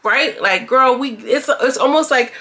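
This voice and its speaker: A woman giving a casual, slangy recap of a reality show, often jumping into high, mocking voices to quote the cast. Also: animated, measured pace, bright, forceful tone. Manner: chatty, slangy, jumps into high mocking voices when quoting. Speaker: show reviewer.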